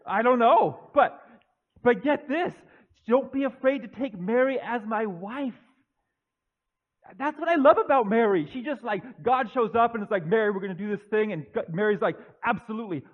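Preacher guy doing a giddy stammery young joseph, higher voice, tinny sound. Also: moderate pace. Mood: excited. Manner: breathless, stammering, gushing. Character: young Joseph, excited rambling young man. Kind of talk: dramatized monologue in a sermon.

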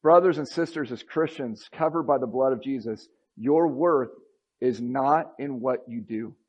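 A man preaching a sermon as pastor, swinging from fired-up, emphatic passages to soft, quiet reflection. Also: mid-range voice, unhurried, husky, low-quality recording.

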